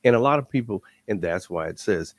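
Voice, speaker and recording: Lively man telling a story. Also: fairly low pitch, brisk, no echo. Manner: repeats words as he builds up. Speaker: guest. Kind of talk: animated storytelling.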